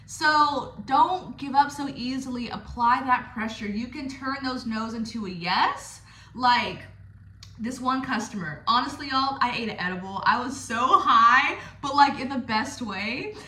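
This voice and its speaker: A woman's voice: a little high, unhurried, pushed and bright. A young woman giving casual, blunt and playful advice to other dancers, swearing freely. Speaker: stripper coaching other dancers. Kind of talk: casual direct-to-camera advice. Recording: echoey room.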